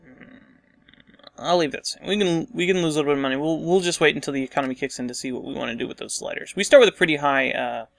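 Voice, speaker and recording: A man's voice: a little high, fast, creaky, no echo. A man casually commenting on a strategy game as he plays, thinking aloud and muttering asides to himself. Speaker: let's play host.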